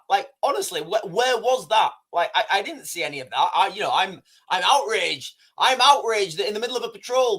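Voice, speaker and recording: A man's voice: sits high, a bit bright. A man hosting a casual livestream, rambling, repeating himself and talking straight to his chat. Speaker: livestream host.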